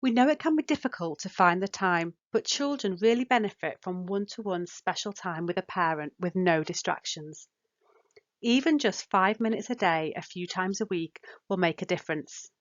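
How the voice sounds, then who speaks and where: A woman calmly narrating practical guidance for parents as a speech and language therapist, in a measured, instructive way. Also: medium pitch. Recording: dull, muffled voice-over.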